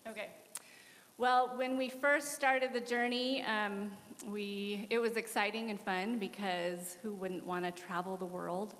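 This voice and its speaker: A woman in her forties giving a candid, animated missionary testimony during a church interview. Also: medium pitch, unhurried. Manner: candid, animated storytelling with laughs. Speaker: missionary guest. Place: church worship center. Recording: echoey church hall.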